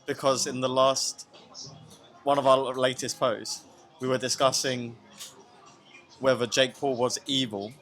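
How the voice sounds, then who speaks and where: A young man, a comedian hosting a casual podcast, teasing his co-host in a deadpan way. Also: medium pitch, measured pace, long pauses, faint music behind. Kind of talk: casual chat.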